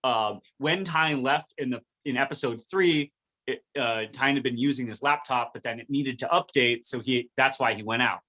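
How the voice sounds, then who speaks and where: Bright-voiced man animatedly retelling scenes. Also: mid-range voice, normal speed. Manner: animated storytelling, recounting scenes. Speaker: podcast host. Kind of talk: casual podcast recap.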